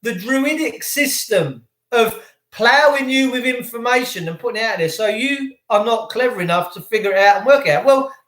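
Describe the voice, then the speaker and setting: A man hosting a live stream from home, talking to viewers in an excitable, effusive, rambling way. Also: very high-pitched, moderate pace, reverberant. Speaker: channel host. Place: indoors at home.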